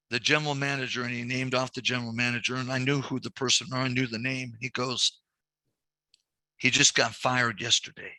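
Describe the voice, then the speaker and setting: A man's voice: medium pitch, no echo. A man teaching a banking class, walking through numbers step by step and telling stories with quoted dialogue. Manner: animated storytelling with quoted dialogue. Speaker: banking instructor. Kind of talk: recorded training lecture.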